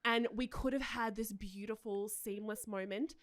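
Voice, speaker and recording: A woman, hosting a podcast and telling an excitable story full of laughs. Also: medium pitch, moderate pace. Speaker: podcast host. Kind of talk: casual chat.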